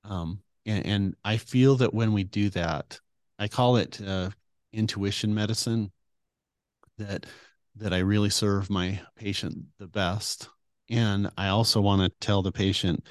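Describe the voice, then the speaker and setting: A man's voice: fairly low pitch, fairly even intonation, unhurried, no echo, studio quality. A middle-aged man answering interview questions as a guest doctor, earnest and rambling with many fillers.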